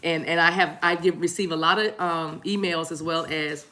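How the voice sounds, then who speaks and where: Chatty woman tarot reader, lowish voice. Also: steady tone, normal speed. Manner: chatty, laughs often, warm "y'all" asides; rambling with restarts and apologies. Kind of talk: casual live-stream chat.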